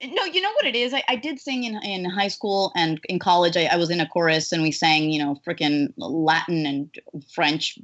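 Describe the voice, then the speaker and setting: A woman voice actress chatting as an interview guest, animated, with lots of fillers and restarts. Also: fairly low pitch, normal speed, highs cut off. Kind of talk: casual interview chat.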